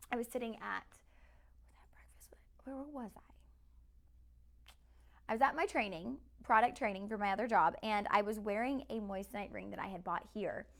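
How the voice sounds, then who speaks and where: Chatty woman host, live shopping pitch, slight vocal fry. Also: a bit bright. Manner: chatty, upbeat, speaks directly to viewers.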